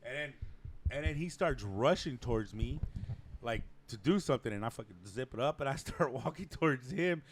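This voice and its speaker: A man's voice: medium pitch, expressive, moderate pace, a little hiss or hum. A young man telling a long story on a podcast, rambling and profane and laughing often. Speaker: podcast co-host. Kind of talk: casual storytelling.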